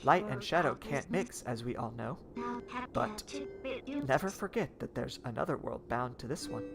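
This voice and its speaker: Midna, a woman reading her as a flat robot. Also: rumbling low, normal speed, gravelly, music in the background, exaggerated voice. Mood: solemn. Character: flat robotic female twilight imp princess.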